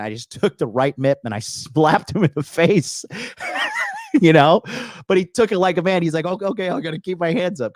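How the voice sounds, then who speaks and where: A man's voice: medium pitch, dry recording. A man in his thirties hosting a call-in coaching show, talking in a boastful, profane, emphatic way with lots of fillers. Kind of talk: casual livestream monologue.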